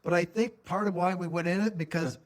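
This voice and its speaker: Reflective man with a slightly higher voice. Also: fairly quick. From Minnesota, USA. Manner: reflective, asks follow-up questions. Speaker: podcast co-host. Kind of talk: casual chat between old friends.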